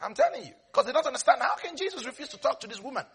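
Dramatic shouting male preacher. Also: very high-pitched, huge pitch swings, racing, creaky, slightly rough, a faint crowd. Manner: dramatic, bursts into shouts and laughs. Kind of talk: sermon.

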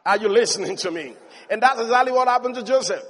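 A man preaching a sermon, telling the story with animation and building to emphatic shouts. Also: sits high, expressive, quick pace. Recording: long hall reverb.

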